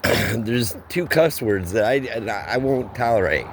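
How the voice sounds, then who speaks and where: A man's voice: on the low side, expressive, noisy background. A man telling a casual, rambling story from his roofing work, with plain everyday slang. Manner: slow, rambling delivery with plain spoken slang.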